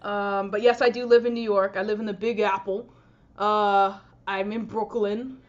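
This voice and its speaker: A woman's voice: medium pitch, level tone, normal speed, highs cut off. A young American woman chatting as a podcast guest, rambling, giggling often and teasing herself. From United States. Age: young adult. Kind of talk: casual podcast chat.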